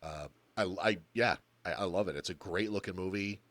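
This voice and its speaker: A man's voice: sits low, fairly quick, a bit bright, no echo. A man co-hosting a podcast, talking casually and bluntly about an old film and swearing freely. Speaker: podcast co-host.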